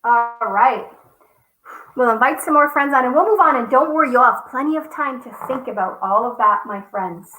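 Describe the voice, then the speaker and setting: A woman's voice: a little high, expressive, moderate pace, bright, forceful tone, distant mic. A woman teaching a children's yoga class over a video call, coaxing and upbeat as she talks straight to the kids and reads them a story. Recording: roomy echo.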